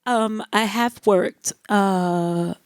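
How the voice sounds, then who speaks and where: Slow, laughing woman poet answering questions. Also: mid-range voice, smooth, dry recording, studio quality. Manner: loose and playful, laughs often, repeats words as she thinks. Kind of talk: live Q&A answers. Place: live reading event.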